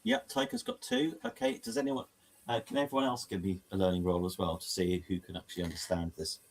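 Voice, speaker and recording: A man's voice: deep voice, lively intonation, quick pace, vocal fry, distant mic. A man running a tabletop horror game as game master, often hesitating and restarting sentences.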